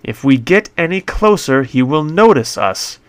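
A man's voice: on the high side, sing-song, unhurried, clear, resonant tone, no echo, pitched above the performer's own voice. A man voicing a prim, fussy doctor-inventor in a put-on British accent, talking formally and pleading earnestly.

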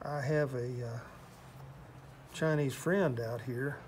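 A man's voice: mid-range voice, steady tone, takes it slowly, slight background noise. An older man from Texas with a Texan accent, chatting casually about his painting in an interview, rambling and self-deprecating. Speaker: interviewed artist.

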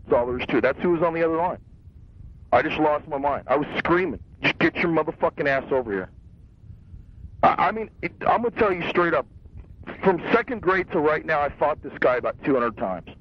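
A man's voice: a little high, lively intonation, brisk. A young man ranting in a casual conversation, agitated, boastful and full of profanity. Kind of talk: casual phone-style conversation. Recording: muffled lo-fi cassette tape.

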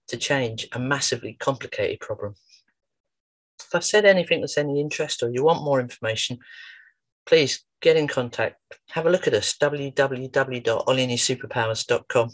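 A man of middle pitch gives a relaxed, promotional talk about his wellbeing work. He tells stories chattily and acts out the dialogue, and the recording is dry with no room echo. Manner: chatty storyteller, acts out quotes. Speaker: wellbeing practitioner. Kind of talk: informal promotional talk with anecdotes.

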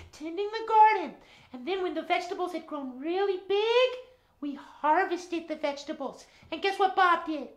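A man voicing a sweet, chatty young girl rabbit in a children's puppet show, telling her story slowly and earnestly. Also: fairly bright tone. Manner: high squeaky puppet voice, slow storytelling. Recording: roomy room echo.

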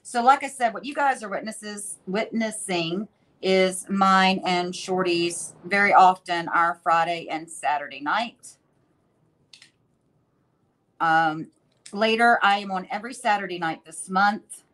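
Brief: woman host, unhurried, chatty, thinks aloud while demonstrating glazes. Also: mid-range voice, fairly bright tone. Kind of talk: casual demo narration.

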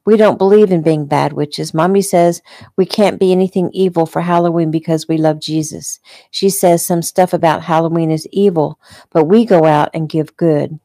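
Casting: confident little girl, matter-of-fact explainer, low warm read, by a woman. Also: steady tone, moderate pace, dry recording, studio quality. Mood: eager.

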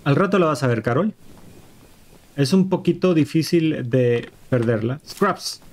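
A man streaming a game, excitable and swearing, yelling at the monster and switching between English and Spanish. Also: mid-range voice, moderate pace, a little hiss or hum. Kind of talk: live gameplay commentary.

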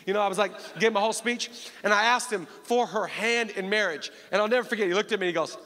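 High-voiced, lively man preaching. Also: very fast, big-room sound. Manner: lively, humorous storytelling with call-and-response to the crowd. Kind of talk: sermon. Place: church.

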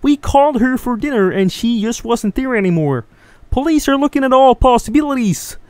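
A man's voice: lively intonation, moderate pace, a little mellow, dry recording. A man putting on a Kermit-style frog puppet voice to read newspaper text aloud from a game. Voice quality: high nasal puppet voice.

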